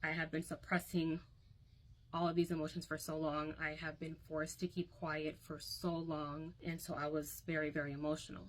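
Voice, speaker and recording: A woman's voice: low voice, level tone, moderate pace, rough recording. A young woman recounting a painful personal story to her phone, candid and emotional, often quoting others.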